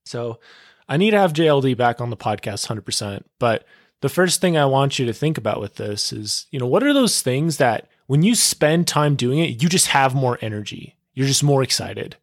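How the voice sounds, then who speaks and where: A young man hosting his own podcast, talking on his own in a casual, excitable way, full of filler words and calling his listeners "dude". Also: mid-range voice, moderate pace, no echo, studio quality. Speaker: podcast host. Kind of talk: casual solo podcast monologue.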